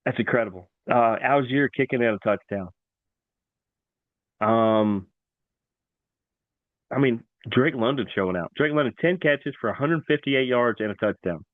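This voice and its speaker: Excitable man, tinny dry sound. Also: mid-range voice, unhurried, long pauses, no echo. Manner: excitable, animated, repeats himself for emphasis. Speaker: sports podcast host. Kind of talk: casual sports talk.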